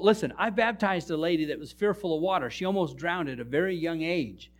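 A man's voice: sits high, fairly quick, few pauses, faint music behind. A male pastor preaching a sermon, telling funny stories and joking with his congregation. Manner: animated storytelling preacher, jokes with the congregation. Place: church.

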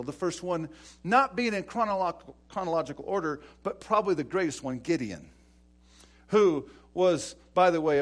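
A middle-aged pastor preaches with a fairly high voice. He tells stories with energy, acting out the dialogue. His delivery swings from loud, raised passages down to hushed, quiet lines. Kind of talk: sermon.

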